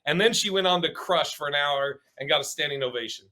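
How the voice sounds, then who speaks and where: Animated, bright-voiced man telling stories. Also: fairly high pitch, quick pace. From Pacific Northwest, US. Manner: animated, laughing, acts out quotes. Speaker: stand-up comedian, guest. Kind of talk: casual interview storytelling.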